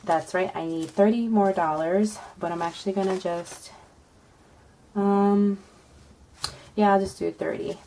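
A woman making a casual budgeting vlog, counting money softly under her breath and breaking into excited squeals. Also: medium pitch, unhurried, gravelly, pauses often, low-quality recording. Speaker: budgeting vlogger. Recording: home recording with street noise behind. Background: passing bikes and street noise.

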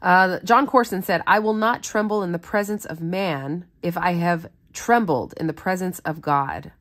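A woman's voice: fairly low pitch, normal speed, fairly bright tone. A woman who hosts a Bible study, reading scripture aloud and explaining it in an earnest, conversational way.

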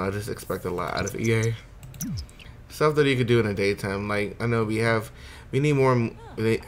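Sleepy man, let's play host, fairly low voice, rambling, profane, chatting at his characters. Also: a little hiss or hum. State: sleepy, yawning. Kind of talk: casual gameplay commentary.

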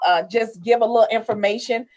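A woman's voice: on the high side, steady tone, fairly quick, a little mellow. Effusive woman host, preachy. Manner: effusive, preachy, repeating amens. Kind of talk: hosting a ministry talk show.

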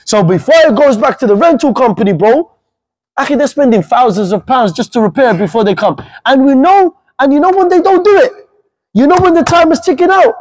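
Fiery high-voiced man preaching. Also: fairly quick, darkish tone, poor audio. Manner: blunt and fiery, full of street slang. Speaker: guest speaker. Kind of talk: impassioned religious youth talk.

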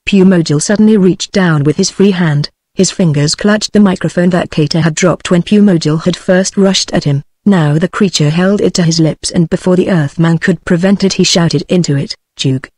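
Flat text-to-speech audiobook narrator. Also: medium pitch, normal speed, few pauses, slightly rough, dry recording, studio quality. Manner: even, mechanical phrasing.

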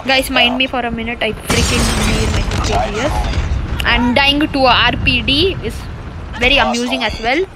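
A woman giving excitable live gameplay commentary for her video channel, repeating phrases and trash talking. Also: a little high, normal speed, very noisy. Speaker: gaming video creator. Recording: loud game gunfire and explosions under voice.

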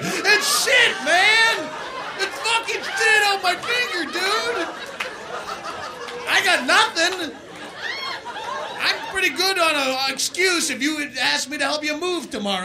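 A man with a strikingly high voice works a club stage, ranting through crude stories and barking out punchlines. His handheld mic catches the loud crowd laughter rolling under every bit. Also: creaky, background noise. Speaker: stand-up comedian. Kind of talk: live stand-up set. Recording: live club set with loud audience laughter.

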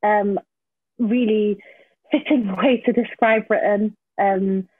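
A woman's voice: mid-range voice, fairly even intonation, slow pace, husky, dry recording. A woman hosting a poetry event, effusive and gushing with praise, with plenty of fillers. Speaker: event host. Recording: dry, phone-like line.

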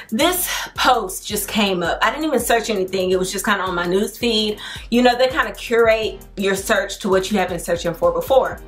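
A young woman vlogs to her viewers in an eager, talkative rush, full of casual slang and asides. Her voice sits at an ordinary middle pitch for a woman. Soft music plays faintly behind her. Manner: excited, chatty and slangy, addresses viewers as y'all. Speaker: home decor vlogger. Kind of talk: casual vlog storytelling to camera.

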